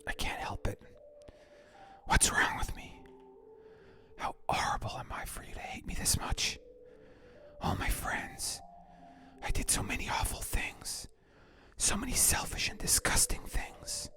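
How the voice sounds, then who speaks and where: A man's voice: measured pace, pauses often, pushed and bright. A man reading a heartbroken young woman's lines from a game aloud as whispered role-play, pleading and blaming herself. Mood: remorseful. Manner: pleading, self-reproaching, breaks into unvoiced whisper.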